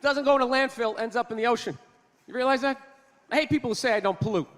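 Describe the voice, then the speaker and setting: A man doing a stand-up comedy set, ranting loudly and swearing. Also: extremely high pitch, steady tone, fast talker. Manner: loud ranting delivery, swearing. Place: stage in a large venue. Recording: reverberant hall with live audience. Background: audience laughter and faint hiss.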